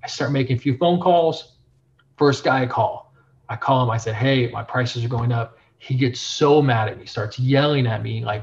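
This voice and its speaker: Animated man on a dull lo-fi recording. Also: mid-range voice, normal speed. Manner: animated, frequent filler phrases. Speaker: print shop owner, podcast guest. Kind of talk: casual interview storytelling. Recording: dull lo-fi sound.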